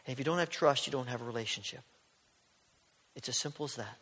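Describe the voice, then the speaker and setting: A man preaching a sermon in a conversational, storytelling way, sometimes dropping his voice to a soft near-whisper. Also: medium pitch, fast, husky, big-room sound. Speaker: pastor.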